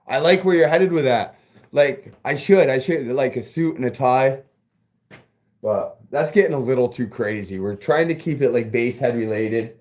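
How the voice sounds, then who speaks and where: A man with a somewhat high-pitched voice chats casually on a livestream as he works in a garage workshop. He rambles from one thing to the next, cracks jokes and swears freely, talking straight to his viewers. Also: darkish tone. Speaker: livestream host. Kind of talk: casual livestream chat while working.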